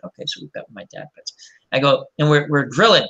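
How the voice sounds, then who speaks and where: A man's voice: medium pitch, quick pace, creaky, a bit bright. A man hosting a casual chat and telling rambling, anecdotal stories. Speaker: host.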